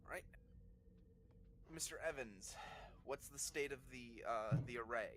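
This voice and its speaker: A man's voice: mid-range voice, fairly even intonation, fairly quick, a bit bright, a little hiss or hum. A man playing in a tabletop role-playing game, chatting casually with the group. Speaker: player.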